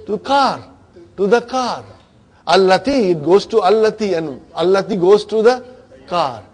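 A man's voice: high-pitched, animated, measured pace, slightly rough. A man teaching a grammar class, questioning his students and checking in with them often.

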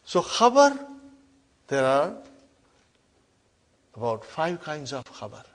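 Man, grammar teacher, slightly high voice, loud stress on key words then quiet drops, repetitive drilling. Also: wildly swooping pitch, slow. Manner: repetitive call-and-response drilling, frequent check-ins; emphatic, loud rises on key terms then soft drops. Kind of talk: classroom lesson.

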